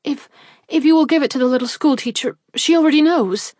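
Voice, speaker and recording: A woman's voice: fairly high pitch, a little fast, a little mellow, no echo, studio quality, voice pushed up, close to an everyday voice. A woman voicing a distressed young woman pleading in guilt, with a tremulous voice.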